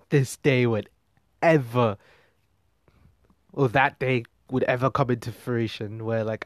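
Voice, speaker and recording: A man's voice: medium pitch, dry recording, studio quality. A man hosting a music commentary show, talking casually and rambling with fillers and restarts. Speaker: podcast host.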